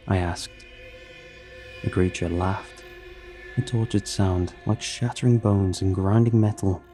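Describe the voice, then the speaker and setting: Deep-voiced man narrating horror. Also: fairly even intonation, measured pace, dark tone, soft background music.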